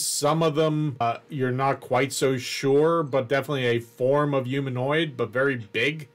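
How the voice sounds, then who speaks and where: A man running a tabletop game as game master, describing scenes in a halting, unhurried way with many restarts. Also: on the high side.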